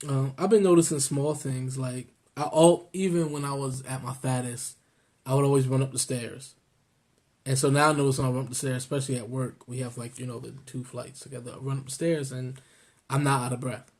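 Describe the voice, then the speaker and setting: A man's voice: medium pitch, steady tone, a little fast, a little mellow. A man co-hosting a casual weight-loss vlog, laid-back and joking as he gives advice. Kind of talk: casual chat.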